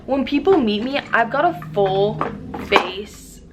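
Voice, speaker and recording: A young woman rambling casually in a makeup vlog, profane and excitable with lots of fillers, recorded on a camera mic at home. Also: fairly high pitch, slow, noisy background. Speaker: beauty vlogger.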